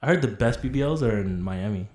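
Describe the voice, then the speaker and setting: A young man co-hosting a podcast, chatting in a relaxed, teasing way. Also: mid-range voice, quick pace, roomy sound. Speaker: podcast co-host. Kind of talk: casual chat.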